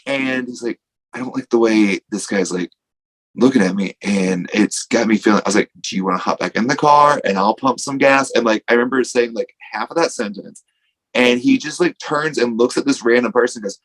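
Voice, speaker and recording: A man's voice: fairly low pitch, brisk, a bit bright, rough recording. Chatty man telling a rambling story. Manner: rambling storytelling full of "like", acting out quotes. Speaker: wrestler, podcast guest. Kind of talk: casual anecdote on a podcast.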